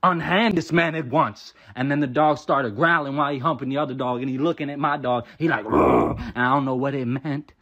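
Man, comic rant, animated, profane, middle pitch, muffled lo-fi audio. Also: fast talker, few pauses. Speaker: comedian. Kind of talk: comedic rant to camera.

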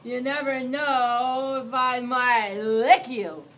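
A woman's voice: sits high, slow, fairly bright tone, pitched above the performer's own voice. A woman voicing a big, scruffy boy monster who slurps and whines. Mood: whiny. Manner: slurping, whiny.

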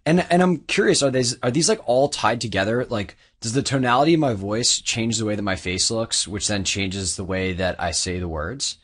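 A man's voice: lowish voice, moderate pace, few pauses, a bit bright. A man hosting a podcast interview, asking eager, rambling questions. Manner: enthusiastic, rambling questions with fillers. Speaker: podcast host.

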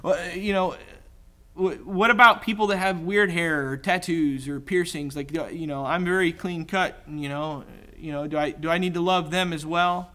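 A man's voice: a little high, moderate pace, pushed and bright. A male pastor giving a casual, conversational sermon, joking at his own expense and acting out the people in the story. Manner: conversational, self-deprecating, voices quoted characters. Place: church.

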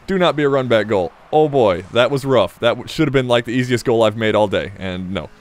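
A man with a slight Southern US accent giving rambling, self-mocking commentary while playing a game, breaking into sudden excited yelps. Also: mid-range voice, brisk, hardly any pauses. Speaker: gaming YouTuber. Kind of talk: casual gameplay commentary.

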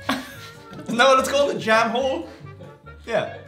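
An Irish woman chatting casually while tasting food, with an expressive delivery. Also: sits high, slow pace. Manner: expressive, swoops up and down. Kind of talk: casual taste-test chat. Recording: roomy studio with background music.

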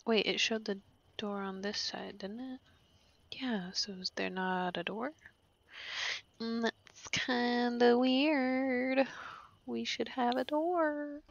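A woman's voice: on the high side, takes it slowly, creaky, muffled recording. A young woman casually commenting while playing a life-simulation game, often whispering and amused. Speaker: gaming channel host. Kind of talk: casual let's-play commentary.

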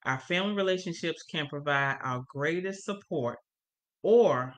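A woman's voice: sits low, a little slow. A woman co-teaching a church family course. She reads passages from the course material aloud and then explains them, stressing the key points.

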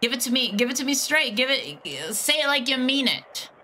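A woman streamer mockingly taunting a scammer on a call, shifting between high teasing and low menacing tones. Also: big pitch swings, moderate pace, sharp tone, slight background noise. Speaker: scam baiter streamer.

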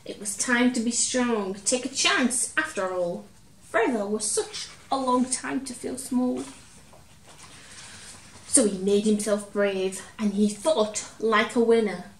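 A woman reading a picture book aloud to children, expressive, dramatic and gentle. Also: fairly high pitch, slow, slight background noise. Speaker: children's storyteller. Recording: roomy, distant from mic, faint ambience.

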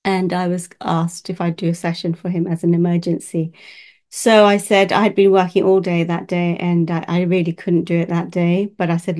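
A woman working as a spiritual healer, telling a story casually to camera, lively and laughing often, acting out the voices she quotes. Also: on the low side, normal speed.

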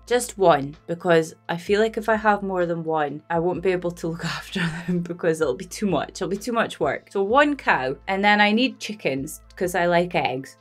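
A Scottish woman chatting casually and emotionally as a movie reaction vlogger, rambling and laughing often. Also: on the low side.

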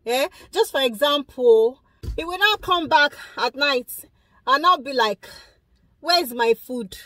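Young woman, high voice, emphatic vlog commentary, dry close sound. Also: measured pace, no room sound. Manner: animated, emphatic, addresses viewers directly. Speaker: vlogger reacting to a video. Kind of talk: casual opinionated commentary.

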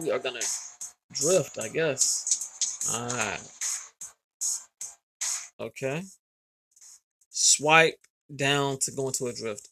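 A man's voice: mid-range voice, creaky, sharp tone. A man hosting a gaming channel, giving boastful, hyped let's-play commentary, swearing and calling out to his viewers.

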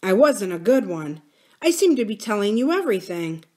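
Brief: woman reading a quiet, troubled young man, earnest and confiding. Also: high-pitched, sing-song, moderate pace.

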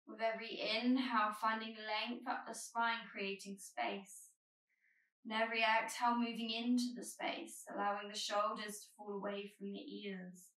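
A woman yoga teacher giving calm, gentle spoken cues through a guided flow. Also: mid-range voice, moderate pace, reverberant, far from the mic, low-quality recording.

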